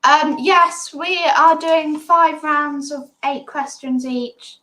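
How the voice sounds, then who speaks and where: Chatty woman co-hosting a quiz stream, really high bright voice. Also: fairly even intonation, takes it slowly, low-quality recording. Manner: chatty, reads out viewers' scores and names. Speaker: quiz co-host. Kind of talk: casual livestream quiz.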